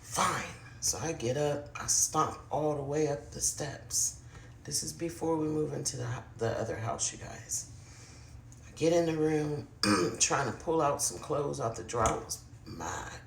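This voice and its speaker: An adult vlogger telling a personal paranormal story to camera in a confiding, casual way, often speaking straight to viewers and sometimes dropping to a hushed murmur. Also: mid-range voice, a little slow, vocal fry, reverberant, a little hiss or hum.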